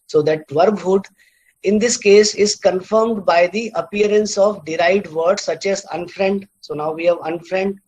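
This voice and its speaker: A middle-aged man lecturing on word formation, halting often with fillers and restarts and repeating words aloud to show their stress. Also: high voice, a little mellow, low-quality recording. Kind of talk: university lecture.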